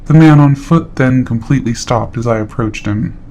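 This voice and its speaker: A man reading a horror story aloud in steady, matter-of-fact scripted narration. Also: medium pitch, moderate pace, slight background noise.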